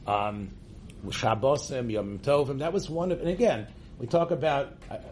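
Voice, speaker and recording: An American rabbi teaches an informal religious class to a classroom audience, his voice medium-pitched, moderately paced, and darkish, with a little hiss or hum. He talks loosely, restarts often, and tags his points with "right?" to check in with listeners.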